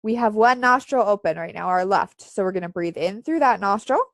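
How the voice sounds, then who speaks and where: A woman teaching a live online breathing class, giving relaxed, chatty instructions with frequent fillers and a slightly congested voice. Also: mid-range voice, fairly quick, vocal fry, no room sound.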